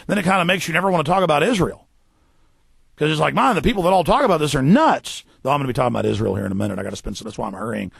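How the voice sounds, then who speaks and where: A man hosting a radio talk show, ranting fast and forcefully, tripping over repeated words. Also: a little high, animated, vocal fry, dry recording. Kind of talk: heated radio monologue. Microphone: studio microphone.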